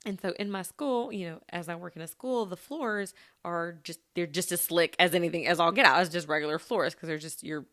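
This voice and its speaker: A woman's voice: lowish voice, a little fast, few pauses, a bit bright. Chatty woman hosting a podcast. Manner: chatty, giggly, addresses listeners directly. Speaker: podcast host. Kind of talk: casual solo podcast chat.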